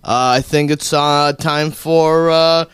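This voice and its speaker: A man's voice: on the high side, fairly even intonation, slow, background noise. A man hosting a music radio show, teasing his co-host and guests in casual, joking banter with frequent restarts. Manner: playful, teasing, talks in restarts.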